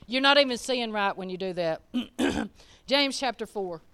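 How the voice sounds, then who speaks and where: A woman gives a folksy, emphatic sermon and talks to her congregation like old friends. Her voice sits a bit high and sounds bright and forceful, with a clear, crisp tone. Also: animated, moderate pace. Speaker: preacher.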